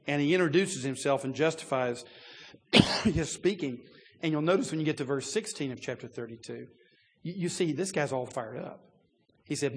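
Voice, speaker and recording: A man preaching a sermon in a loose, conversational teaching manner, with frequent fillers and restarts and a voice that rises when he gets animated. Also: mid-range voice, moderate pace, long reverb tail.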